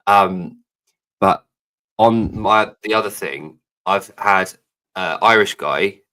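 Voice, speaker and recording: A man's voice: sits low, slow pace, sharp tone. A man co-hosting a live podcast, rambling, jokey and swearing freely in casual chat. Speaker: podcast co-host.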